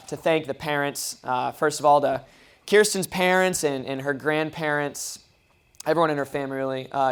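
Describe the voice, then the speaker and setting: A young man, the groom, gives a rambling, heartfelt toast at his wedding reception, full of ums and restarts. He is choked up and keeps fighting back tears. His voice sits a little high for a man. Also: clean tone. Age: young adult. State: tearful, choked up. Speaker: groom giving a wedding speech.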